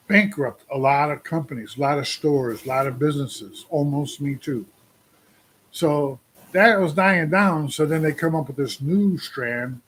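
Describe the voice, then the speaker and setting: Slight background noise accompanies this sixty-something trucker as he hosts a laid-back livestream, rambling, venting, and questioning his viewers. His voice is a little high.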